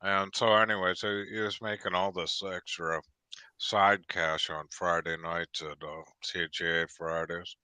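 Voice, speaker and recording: A man's voice: low-pitched, steady tone, a little slow, sharp tone, clear, resonant tone, no echo. A man casually chatting on a live stream, telling long rambling stories with many restarts. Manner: rambling storyteller, frequent restarts. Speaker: host. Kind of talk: casual chat.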